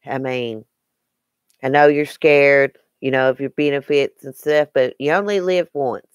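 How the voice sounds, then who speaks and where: A woman's voice: extremely low pitch, measured pace, smooth, dry recording, clean studio sound. A woman with a Southern American accent hosting a casual live stream, chatting and answering viewer comments by name.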